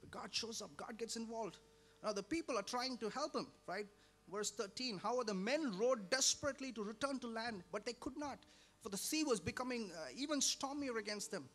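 A man preaching a sermon as a pastor, swinging between loud emphatic lines and hushed, low drops. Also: lively intonation, a little fast. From India.

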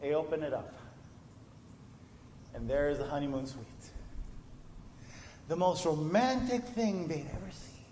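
A man's voice: on the high side, measured pace, long pauses, warm tone, slight background noise. A man preaching a sermon in a church, telling a story and building to impassioned emphasis. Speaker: pastor. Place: church sanctuary. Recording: echoey church room.

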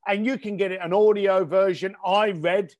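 A man's voice: sits high, fairly even intonation, moderate pace, muffled recording. A middle-aged man from East London, a guest entrepreneur and author, telling stories in a casual interview in a blunt, emphatic way. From East London, England.

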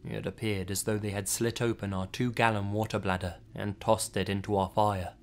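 A man reading a scary story aloud in a subdued, measured way, as scripted horror narration. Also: lowish voice, level tone. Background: faint music.

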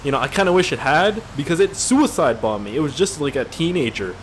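A man's voice: a little high, expressive, brisk, slight background noise, low-quality recording. Rambling, profane man on gameplay commentary. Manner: rambling, profane, jokey storytelling. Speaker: gaming video creator.

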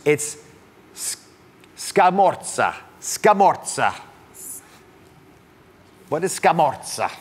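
A man's voice: on the high side, very animated, drawn-out words, pauses often, slightly rough, long reverb tail. A middle-aged man hosting a studio talk show, playful and jokey as he quizzes his guests. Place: TV studio with audience.

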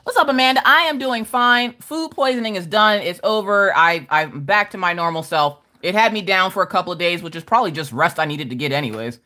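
Greeting viewers by name and reading their comments with a playful laugh, a woman runs a casual crafting livestream. Her mid-range voice is very animated, pushed and bright, and she talks briskly with hardly any pauses.

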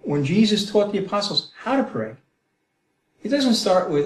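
A middle-aged man teaching the Bible in a conversational way, animated and acting out prayers, often checking in with "Okay?" and "Right?". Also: sits high, moderate pace. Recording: roomy echo.

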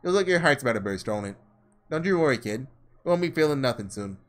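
Guy reading as a blunt scornful slum dude, slangy and mocking, lively up and down. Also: mid-range voice, fast, lightly acted. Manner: slangy, mocking, gruff drawl. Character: scornful young man from the slums, blunt.

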